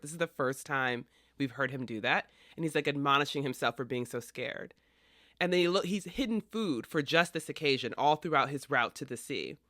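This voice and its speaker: A man's voice: on the high side, no room sound, studio quality. A man co-hosting a podcast, casually retelling a stage play and acting out the characters' lines. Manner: animated storyteller acting out lines. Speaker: podcast co-host.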